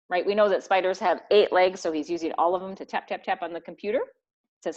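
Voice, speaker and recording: A woman's voice: lowish voice, fairly even intonation, brisk, a little mellow. A woman teacher reading a book aloud to her students and explaining as she goes. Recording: dull lo-fi recording.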